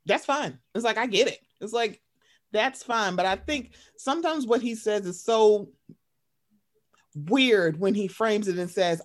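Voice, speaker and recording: A woman's voice: mid-range voice, measured pace. A woman co-hosting a casual chat, ranting emphatically and profanely, acting out quoted voices. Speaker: podcast co-host.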